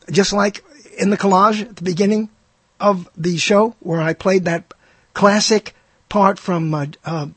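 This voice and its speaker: Rambling older New York radio host. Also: male voice, sits high, husky, no room sound. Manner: rambling, self-mocking, theatrical. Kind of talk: casual monologue.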